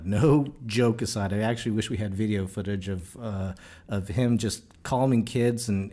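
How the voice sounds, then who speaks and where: A man hosting a podcast, talking in a casual, animated and jokey way with many fillers and restarts. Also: on the low side. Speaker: podcast host.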